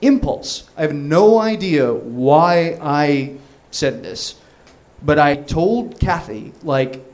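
A man in his thirties tells a comic story from his own life in a slightly higher voice. He rambles and trips over his words with constant fillers and restarts, and he gets more animated as the story builds. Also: takes it slowly.

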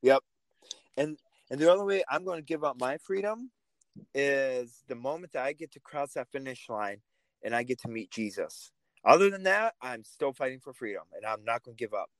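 A man who is a podcast guest, speaking passionately and getting animated, sometimes sarcastic. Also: medium pitch, moderate pace, no room sound, poor audio. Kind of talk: casual talk show discussion.

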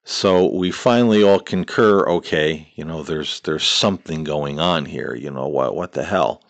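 A man's voice: a bass voice, unhurried, creaky, no echo. A middle-aged man hosting a podcast, telling a personal ghost story in a rambling way with many fillers and restarts. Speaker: podcast host.

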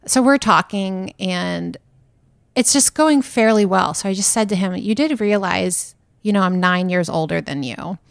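A chatty woman co-hosting a podcast, her mid-pitched voice carrying a gravelly edge. She tells stories in a casual, laughing way, recorded close and dry. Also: unhurried, dry recording. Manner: chatty storyteller, laughs often. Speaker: podcast co-host. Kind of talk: casual chat.

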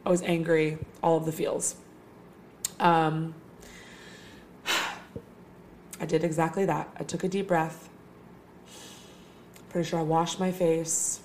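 A woman's voice: sits low, level tone, slow pace, pauses often, a little hiss or hum. A young woman hosting a casual solo talk, chatty and swearing freely, with lots of filler words.

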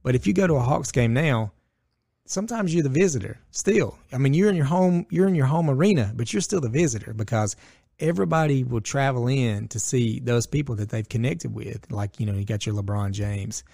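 A middle-aged man, co-hosting a casual sports chat and telling stories in a lively, slangy way. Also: medium pitch, fairly quick, creaky, no echo, studio quality. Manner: animated storyteller, slangy, acts out voices. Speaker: podcast co-host.

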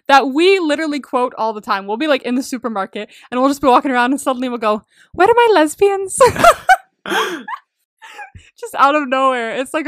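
Excitable woman recapping a movie. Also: high-pitched, dry recording, studio quality. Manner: enthusiastic, swears casually, laughs often. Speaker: podcast co-host. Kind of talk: casual movie recap chat.

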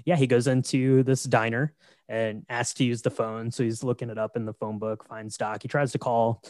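A man's voice: medium pitch, level tone, moderate pace, a little mellow, dry recording. A man co-hosting a podcast, walking through a film's story in an easygoing, conversational way. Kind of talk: casual film recap chat.

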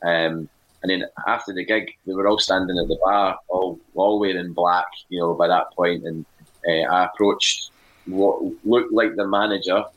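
A man's voice: deep voice, steady tone, moderate pace, narrow, tinny audio. A Scottish man co-hosting a podcast, telling long rambling anecdotes with many fillers in casual chat. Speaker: podcast co-host and music writer.

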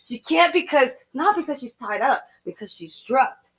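A young woman casually telling a gruesome horror story to friends, animated and full of "like" and "you know". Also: sits high, moderate pace, breathy edge.

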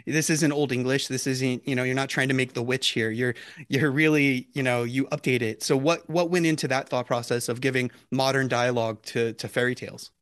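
A man's voice: medium pitch, fairly even intonation, a little fast, a bit bright. A man hosting a film podcast who asks the guest questions in a casual way, with some stumbling restarts. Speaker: podcast host, interviewer.

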